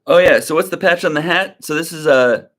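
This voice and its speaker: A young man hosting a casual livestream, talking slowly and easily with a slight drawl, rambling as he reads viewer comments aloud. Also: on the high side, fairly bright tone. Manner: slow, easygoing drawl. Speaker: livestream reseller host.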